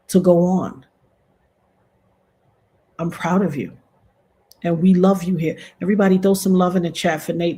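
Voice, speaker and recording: A woman's voice: on the low side, mellow, slightly rough. A woman from the northern US hosting a casual livestream, affectionate and a little preachy as she thanks viewers in the chat. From northern United States. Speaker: livestream host.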